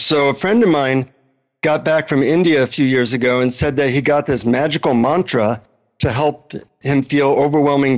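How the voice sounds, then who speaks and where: A man who is a relationship author, talking as an interview guest and telling a story in a friendly, animated way. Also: mid-range voice, rough recording.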